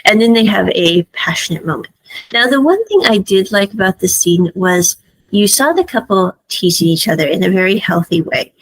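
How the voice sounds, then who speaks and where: A woman's voice: medium pitch, expressive, normal speed, low-quality recording. A woman giving a casual, chatty spoken review of a drama series, retelling scenes with frequent asides.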